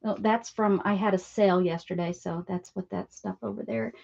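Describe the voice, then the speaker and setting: A woman's voice: lowish voice, sing-song, moderate pace, creaky, noisy background. Chatty woman hosting a craft livestream. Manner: chatty, greets viewers by name and talks to her pets. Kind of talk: casual live-stream chat while crafting. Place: home craft room. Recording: dull lo-fi stream audio.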